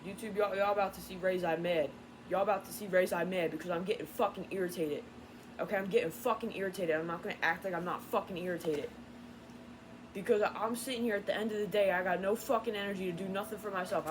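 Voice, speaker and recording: A woman tarot reader ranting in an unscripted vlog, irritated and profane, rambling and getting louder. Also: medium pitch, fast talker, a little hiss or hum, low-quality recording. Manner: grows louder and more heated.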